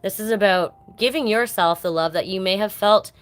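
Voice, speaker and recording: This woman's mid-range voice moves at a moderate pace as she gives a laid-back tarot reading live. Affectionate and talkative, she chats with her viewers and calls them baby.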